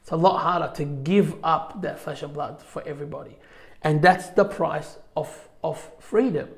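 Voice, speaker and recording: Gravelly man giving a casual bible lesson. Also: on the high side, moderate pace. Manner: conversational, many fillers, reads scripture aloud. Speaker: religious teacher. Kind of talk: informal slide lecture on scripture.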